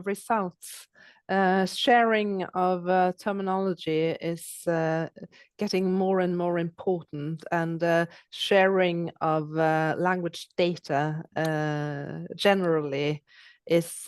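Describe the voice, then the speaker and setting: A woman panelist commenting on poll results over a video call, pausing often with hesitant fillers. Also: low-pitched, smooth, no room sound. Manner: hesitant, many "uh" pauses. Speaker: guest panelist.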